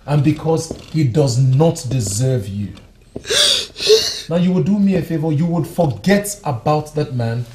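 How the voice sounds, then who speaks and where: An actor playing a stern, protective brother who scolds emphatically, with a Nigerian English accent. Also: male voice, medium pitch, warm tone, reverberant, a little hiss or hum, close to an everyday voice. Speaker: actor in a film.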